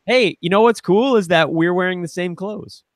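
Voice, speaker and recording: A man co-hosting a live podcast in casual chat, animated and quick to laugh. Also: high voice, no room sound, studio quality. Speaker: podcast co-host.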